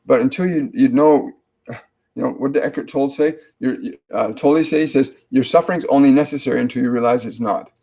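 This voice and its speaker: A man hosting a live psychic reading, calmly relaying spirit messages in a halting way full of restarts and fillers. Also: medium pitch. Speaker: psychic medium host.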